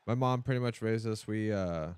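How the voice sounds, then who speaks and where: Man, podcast host, casual chat, lowish voice, short amazed reactions. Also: normal speed, a little mellow, clear, resonant tone, no echo.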